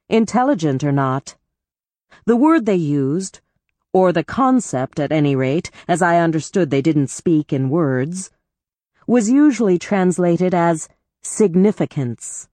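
Slow, low-voiced woman narrating. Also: no echo. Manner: measured, even reading. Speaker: audiobook narrator. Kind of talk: scripted first-person narration.

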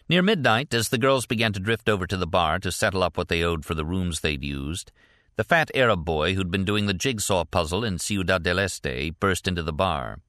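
A man narrating an audiobook in a steady, deliberate reading voice. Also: low voice, no room sound, studio quality. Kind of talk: scripted narration.

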